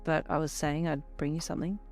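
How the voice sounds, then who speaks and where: A woman voicing a quiet, gentle teenage boy with a soft, subdued delivery. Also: low voice, flat delivery, fast talker, faint music behind, close to an everyday voice.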